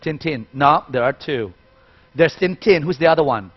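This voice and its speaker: Man, workshop trainer, playful and demonstrative, fairly high voice, muffled recording. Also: brisk. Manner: playful, demonstrative, quizzes the audience. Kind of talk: interactive workshop lecture.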